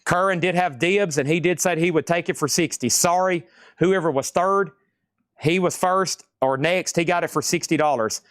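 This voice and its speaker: Live-sale host, male, upbeat auctioneer patter, bit high, dry close sound. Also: moderate pace, dry recording. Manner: excitable, jokey, exclamatory. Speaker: live-stream record seller.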